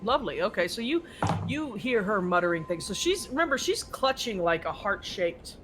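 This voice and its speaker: A man's voice: sits high, sing-song, normal speed, background noise. A man narrating a tabletop horror game as game master, rambling with many restarts. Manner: rambling, full of fillers and restarts.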